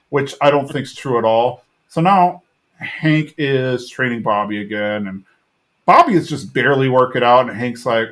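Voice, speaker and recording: A man in his thirties co-hosting a podcast, recapping a cartoon episode in a rambling, animated way with lots of filler words. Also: mid-range voice, normal speed. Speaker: podcast co-host.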